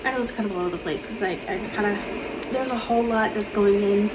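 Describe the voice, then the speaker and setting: A woman's voice: medium pitch, fast talker, background noise. A woman chatting casually to camera as a book vlogger, rambling with lots of ums and restarts. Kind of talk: casual chat.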